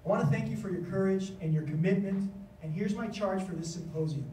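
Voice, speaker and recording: A man giving a conference speech as an education official, telling stories in a lively way and acting out the voices he quotes. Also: high-pitched, fairly quick, reverberant, distant mic, a little hiss or hum, low-quality recording. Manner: animated storytelling, acts out quoted voices. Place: conference hall.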